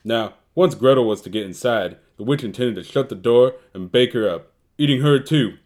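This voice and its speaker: Brief: male narrator, mid-pitched, mock-storybook delivery with slang. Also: moderate pace, darkish tone. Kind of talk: comedic parody storytelling.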